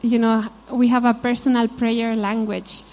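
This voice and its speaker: Spanish-accented woman preacher, warm and fairly high, casual storytelling sermon. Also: flat delivery, unhurried. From Spain. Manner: informal, frequent "you know", storytelling asides. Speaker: Bible teacher. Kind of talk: conversational sermon.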